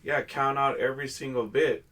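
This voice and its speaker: A man with an ordinary mid-range voice talking casually as a co-host. He tells stories in a relaxed, laid-back way, with plenty of fillers. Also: medium pitch, normal speed. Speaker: podcast co-host. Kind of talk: casual chat.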